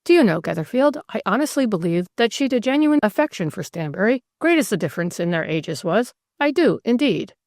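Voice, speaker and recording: A woman's voice: mid-range voice, very animated, a little fast, hardly any pauses, a little mellow, dry recording, studio quality. A woman voicing a genteel older male country vicar who speaks earnestly and exclaims easily. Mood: fussy.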